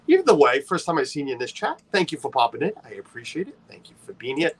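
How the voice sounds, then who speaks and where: A man's voice: fairly high pitch, wildly swooping pitch, fast talker, breathy edge. A man hosting a casual livestream, chatty and playful, greeting viewers by name and teasing his co-host.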